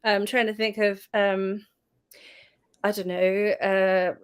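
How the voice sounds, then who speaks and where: A woman's voice: medium pitch, flat delivery, slow pace, clean tone. A woman from England with a British accent, co-hosting a casual podcast chat and laughing often. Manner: chatty, laughs often, trailing restarts. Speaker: podcast co-host.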